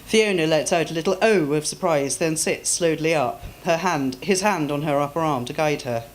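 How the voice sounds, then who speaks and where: Low-voiced woman reading her fiction aloud. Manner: measured, expressive storytelling. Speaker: author. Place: live reading event.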